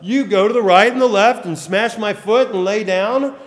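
A folksy, wavering prophet, played by a male preacher, chatty and quick with excuses. His voice sits a little high and echoes through a big hall. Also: natural voice. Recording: long hall reverb.

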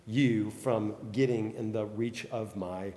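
A preacher doing a grave, low sword-bearing angel. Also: male voice, steady tone, slow pace, dark tone. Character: stern male angel with drawn sword, grave. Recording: long hall reverb.

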